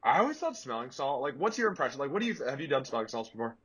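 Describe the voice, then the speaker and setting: Lively young man, animated podcast storytelling. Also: racing, husky. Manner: animated storyteller, leaps way up in pitch for quoted shrieks. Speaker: podcast host. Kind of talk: casual chat.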